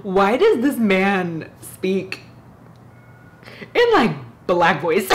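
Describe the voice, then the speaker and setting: A woman book vlogger chatting casually on her reading vlog, animated and giggly, gushing with big excited jumps. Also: medium pitch, slow pace.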